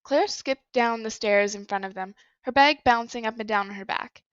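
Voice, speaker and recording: A woman's voice: on the high side, normal speed, no echo. Woman reading a story, dull dry sound. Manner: plain, even reading with small slips. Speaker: story reader. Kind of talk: reading fan fiction aloud.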